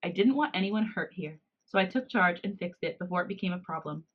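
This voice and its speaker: Brief: woman reading as a defiant young male cat hybrid, indignant and sharp, voice a touch higher than her own, lo-fi podcast sound. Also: animated, brisk. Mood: hurt, defensive.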